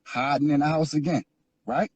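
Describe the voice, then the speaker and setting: A man's voice: on the high side, steady tone, moderate pace, darkish tone, slightly rough, no room sound, lo-fi sound. A man from Philadelphia telling his life story as an interview guest, earnest and repetitive, building into preaching. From Philadelphia, USA. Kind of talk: emotional personal testimony.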